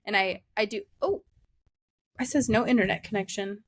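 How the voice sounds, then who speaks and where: A young woman, a podcast co-host, chatting casually, laughing often and acting out quotes in a higher voice. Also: moderate pace. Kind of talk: casual chat.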